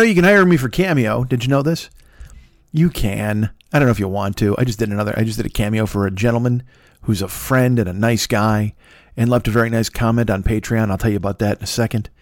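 A man's voice: medium pitch, vocal fry, no room sound. A middle-aged man in his fifties talks alone into the mic, rambling from one gripe to the next. He swears freely and mocks himself as he goes, and the sound is dry and close. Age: 50s. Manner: profane, self-deprecating, rambling. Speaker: podcast host. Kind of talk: rambling solo podcast monologue.

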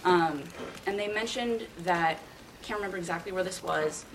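A woman in the audience asking a question, halting and hesitant. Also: lowish voice. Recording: distant audience mic with background noise.

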